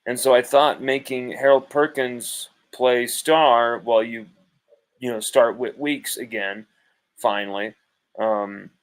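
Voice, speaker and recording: A man's voice: mid-range voice, low-quality recording. A man hosting a live postgame show, ranting hotly with swearing and repeating his points for emphasis, speaking from home. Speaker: sports podcast host.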